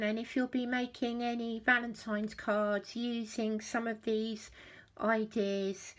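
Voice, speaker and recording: A woman hosting a papercraft channel, narrating a walkthrough of her handmade cards and album in a friendly show-and-tell way. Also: on the high side. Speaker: craft channel host.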